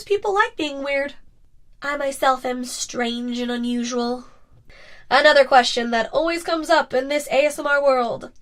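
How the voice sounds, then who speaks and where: A woman's voice: high-pitched, fairly bright tone. A young woman hosting a podcast, talking candidly and expressively in a casual monologue, sometimes teasing. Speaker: podcast host and ASMR creator.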